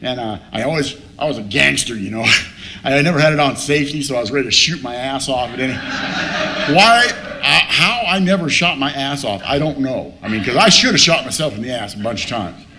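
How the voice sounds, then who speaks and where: A man's voice: mid-range voice, animated, brisk, crowd noise. A man in his fifties telling his recovery story at a meeting, a joking, profane storyteller who laughs at himself, speaking into a stage mic in a room with a live audience. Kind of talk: personal story told to a meeting. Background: faint room noise and audience laughter.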